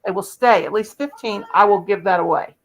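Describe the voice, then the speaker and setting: Chatty woman with a gravelly voice. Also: mid-range voice, a little fast, low-quality recording. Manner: chatty, folksy, addresses viewers by name. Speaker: livestream host. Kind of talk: casual livestream chat.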